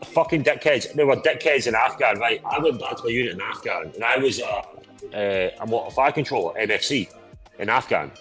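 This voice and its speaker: A man's voice: mid-range voice, expressive, brisk, fairly bright tone, soft background music, rough recording. A man hosting a casual drinking chat, boisterous and rambling with heavy swearing. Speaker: podcast host.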